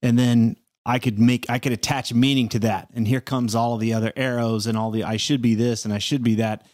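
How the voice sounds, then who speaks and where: A man's voice: medium pitch, flat delivery, brisk, darkish tone, no echo, studio quality. A man hosting a podcast interview, thoughtful, repeating words as he searches for his phrasing. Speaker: podcast host. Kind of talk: conversational interview.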